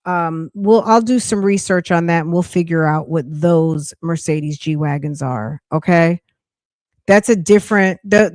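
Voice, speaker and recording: Chatty low-voiced woman streamer. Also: no echo, clean studio sound. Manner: chatty, thanks viewers, thinks aloud. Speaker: podcast host. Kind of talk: casual livestream reaction chat.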